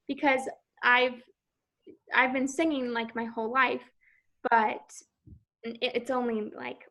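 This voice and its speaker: A woman's voice: high voice, sharp tone. A young woman, a singing student, talking hesitantly with many fillers. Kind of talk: casual chat.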